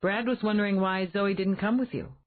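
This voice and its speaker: A woman's voice: mid-range voice, steady tone, fairly quick, lightly acted. A woman voicing a wry, self-assured grown man who teases an old friend in a dry way. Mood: teasing. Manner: dry, teasing. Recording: tinny phone-like band.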